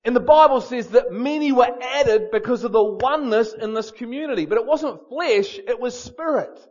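A man preaching a sermon in an animated, storytelling way, repeating words for emphasis. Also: very high voice, moderate pace, lo-fi sound.

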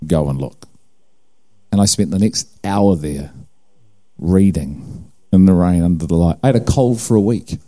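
A deep, dark-toned voice speaking at normal speed belongs to a middle-aged New Zealand preacher sharing his personal testimony. He brings the story to life with acted dialogue and self-mocking humor.

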